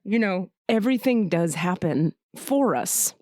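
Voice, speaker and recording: A woman host telling a personal story in casual, emotional, profane talk, often jumping up in pitch for quoted thoughts. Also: lively intonation, unhurried, darkish tone, no echo, clean studio sound.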